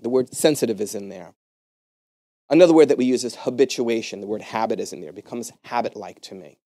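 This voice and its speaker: A man's voice: mid-range voice, warm tone, dry recording. A man explaining a therapy method to listeners through plain, conversational stories. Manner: conversational, plain-spoken teacher. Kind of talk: storytelling lesson.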